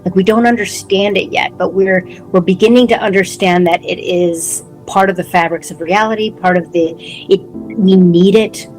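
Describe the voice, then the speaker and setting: Woman podcast co-host, lowish voice, reflective, pauses to find words, faint music behind. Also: steady tone, darkish tone, poor audio. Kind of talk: casual spiritual conversation.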